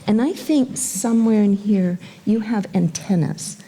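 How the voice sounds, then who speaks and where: A woman teacher giving awards to young students at a graduation, speaking gently and brightening as she acts out little quotes. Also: medium pitch, measured pace. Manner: gentle, warm-hearted and animated, acting out little quotes. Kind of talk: speech at a school graduation.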